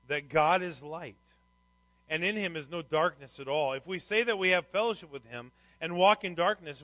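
A middle-aged man preaching as a pastor, his voice bright and a touch high. He reads scripture with rising emphasis and slips into relaxed storytelling between passages. The sound is dry and close. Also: no echo, low-quality recording. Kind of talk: sermon.

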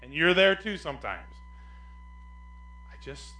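A male pastor preaching with a bright, fairly high voice that leaps up for emphasis and drops low for quiet asides. His sermon rings through an echoey church room. A faint hum sits underneath. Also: moderate pace. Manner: animated, swings between loud emphasis and quiet asides.

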